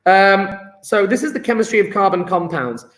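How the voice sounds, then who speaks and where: A man's voice: high voice, expressive, moderate pace, fairly bright tone. A man teaching a chemistry lesson to students, chatty and encouraging, often checking with "yeah?". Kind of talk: live online lesson. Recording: echoey room.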